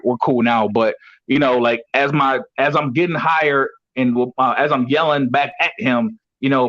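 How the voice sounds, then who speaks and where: A man's voice: medium pitch, fairly bright tone. A man talking as a guest coach who once played pro football, telling stories casually and filling gaps with "you know". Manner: rambling, heavy with "you know" fillers. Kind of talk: casual storytelling. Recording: dull lo-fi audio.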